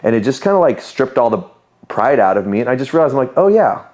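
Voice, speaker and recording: A man's voice: medium pitch, fast. A man, telling personal stories candidly and animatedly as a podcast guest. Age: 30s. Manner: animated, candid, storytelling with quoted voices. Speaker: podcast guest, business owner. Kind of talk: casual interview storytelling.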